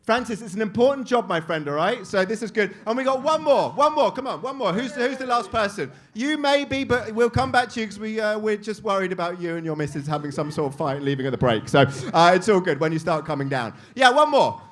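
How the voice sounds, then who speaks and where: A man hosting a live comedy show, teasing the audience with crude, quick-witted crowd work. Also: high-pitched, expressive. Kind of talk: crowd-work stand-up banter.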